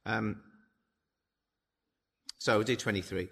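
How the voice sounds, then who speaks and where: Lively bright-voiced preacher. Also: male voice, mid-range voice, normal speed. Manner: chatty, with tag questions and acted-out dialogue. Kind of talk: sermon. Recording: long hall reverb.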